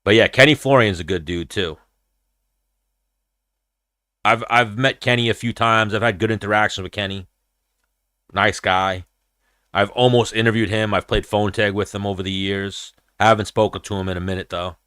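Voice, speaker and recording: A man's voice: fairly low pitch, steady tone, normal speed, pauses often, a bit bright, smooth, dry recording, clean studio sound. A man hosting a combat-sports podcast, talking in a blunt, profane, rambling way. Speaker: podcast host. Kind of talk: casual combat-sports chat.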